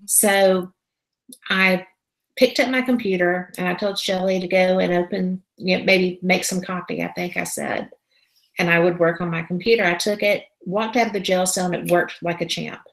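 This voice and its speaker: A woman who is a paranormal investigator, telling a story as a guest in a casual interview. She is animated and acts out the conversations she describes. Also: on the low side, moderate pace, vocal fry, roomy sound, rough recording. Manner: animated, re-enacting conversations as she tells them.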